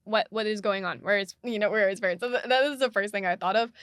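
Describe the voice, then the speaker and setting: A woman's voice: mid-range voice, quick pace, clean tone, no room sound, studio quality. A woman co-hosting a podcast, discussing a film in a casual, analytical way, asking questions with frequent fillers. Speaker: podcast co-host.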